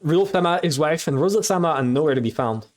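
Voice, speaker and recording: Animated young man reading a visual novel aloud. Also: on the high side, quick pace, faint music behind. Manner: reads narration, then breaks off into casual commentary and swearing. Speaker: streamer.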